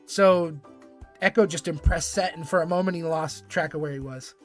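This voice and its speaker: High-voiced man cursing through stream commentary. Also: normal speed, soft background music. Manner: profane, joking, laughs often. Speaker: streamer host. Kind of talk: casual live-stream commentary.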